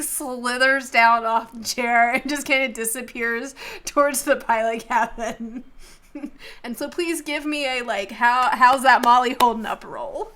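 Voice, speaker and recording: A woman running a tabletop role-playing game as game master, narrating scenes in an animated, laughing way. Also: a little high, normal speed. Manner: animated storyteller who laughs often.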